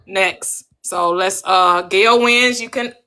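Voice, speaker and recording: A woman hosting a live-stream panel, talking bluntly and briskly in a streetwise way. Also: medium pitch, pushed and bright. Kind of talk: casual live-stream talk.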